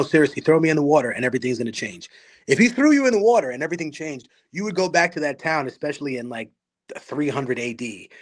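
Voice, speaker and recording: A man from Peru talks as a podcast guest. He speaks with passion and mixes blunt, profane asides into his storytelling. His tone stays conversational throughout. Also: mid-range voice. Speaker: guest, rapper and activist.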